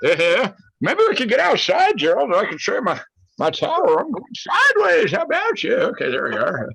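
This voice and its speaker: A man chatting casually on a video call, rambling and laughing, cursing and breaking into loud outbursts. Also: high-pitched, wildly swooping pitch, brisk, creaky, slightly rough, dry recording, rough recording. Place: house and backyard. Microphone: phone or laptop on a video call.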